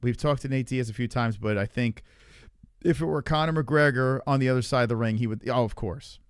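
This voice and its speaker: A man's voice: mid-range voice, brisk, smooth, no echo, studio quality. A young man streaming live, ranting loosely about fights with lots of swearing and reacting to chat. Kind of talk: livestream fight talk.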